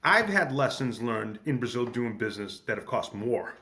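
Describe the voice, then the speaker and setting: A man from the United States chatting on a podcast in an animated, self-deprecating way, with many halting restarts. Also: medium pitch. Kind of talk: casual podcast conversation.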